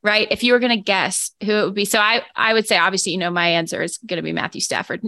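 A woman's voice: medium pitch, steady tone, fast, sharp tone, no room sound. A woman hosting a casual sports talk show, chatty and playful, often laughing.

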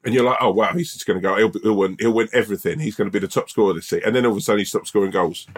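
A man co-hosting a podcast, telling stories in an animated, emphatic, sweary way in casual chat. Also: lowish voice, racing, slightly rough. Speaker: podcast co-host.

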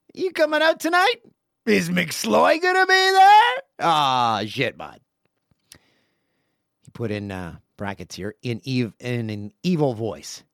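A man in his forties hosts a casual solo podcast and reads listener emails aloud, breaking off for jokey asides. His voice sits at an ordinary pitch. It is recorded close and dry, with no room sound. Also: dry recording. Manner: chatty, jokey asides while reading mail. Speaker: podcast host.

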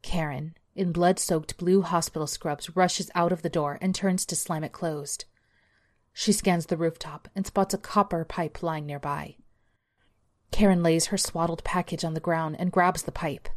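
A woman narrates a horror story in a lowish voice, measured and suspenseful. Her reading moves steadily from line to line, each beat set down with care. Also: a little mellow.

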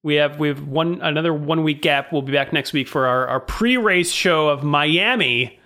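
A man with a fairly high voice co-hosts a casual podcast. He reads through a list of races in a joking way and fumbles the harder names. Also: normal speed, bright, forceful tone. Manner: jokey, reads out race listings and fumbles names. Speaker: podcast co-host. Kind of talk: casual chat.

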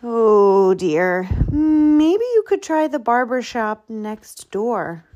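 Sheep shopkeeper voiced by a woman, kindly, fussy, gentle, fluttery, higher voice, storybook reading. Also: sing-song, extremely slow, highs cut off, heavily acted. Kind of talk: storybook read-aloud.

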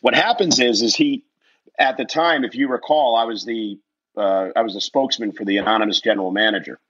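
A man telling a lively, self-mocking story as a guest in a casual interview, acting out the voices of the people in it. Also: medium pitch, a little fast, slightly rough, muffled recording.

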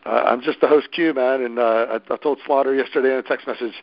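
A man's voice: mid-range voice, fairly even intonation, quick pace, no room sound, lo-fi sound. A man organizing a hosted event, chatting casually and enthusiastically with many restarts. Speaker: local event host organizer. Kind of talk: casual podcast chat.

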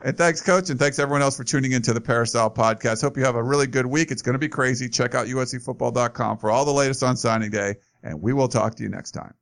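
A man's voice: medium pitch, quick pace, few pauses, a bit bright. Easygoing male podcast host. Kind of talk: casual podcast chat.

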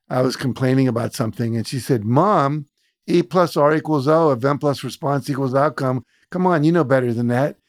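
A man hosting a podcast talks through stories in an easy, reflective way. His voice sits at a middle pitch. The sound is dry and close. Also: darkish tone, no room sound. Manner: storytelling, reflective. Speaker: podcast host. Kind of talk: casual interview chat.

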